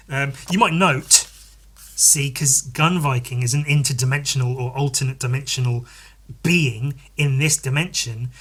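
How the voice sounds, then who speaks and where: Podcast guy rambling and swearing, bright husky voice, acts out sound effects. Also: medium pitch, moderate pace. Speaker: podcast host and comic artist. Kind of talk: casual chat, acting out scenes.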